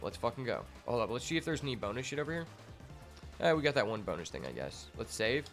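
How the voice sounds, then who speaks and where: A man's voice: medium pitch, big pitch swings, fast, a bit bright, soft background music. A young man streaming a card game, chatting casually and rambling with lots of fillers and swearing. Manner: rambling, laid-back, heavy on fillers and swearing. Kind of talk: casual gameplay commentary.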